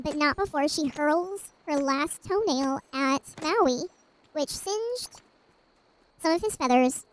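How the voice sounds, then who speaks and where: A woman's voice: sits high, dry recording, poor audio. A woman streamer casually retelling a myth while gaming, rambling with asides and restarts.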